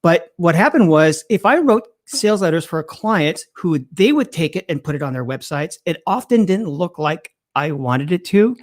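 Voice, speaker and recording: Man, middle-aged, fairly high voice, animated, emphatic, interview guest. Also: normal speed, few pauses. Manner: animated, emphatic storytelling with restarts. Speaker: guest copywriter. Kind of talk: interview conversation.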